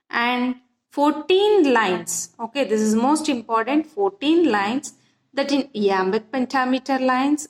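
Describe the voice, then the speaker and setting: A woman teaching literature in an online lesson, patient and repetitive, often checking that students follow. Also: sits high. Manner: slow, patient, repeats key points and checks understanding.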